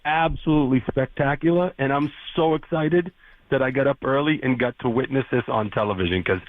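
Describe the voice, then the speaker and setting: A man's voice: mid-range voice, brisk, phone-quality sound. A man with a Boston accent calling in to a radio show as a correspondent, playful and teasing, laughing often. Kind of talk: casual radio chat. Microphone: phone line.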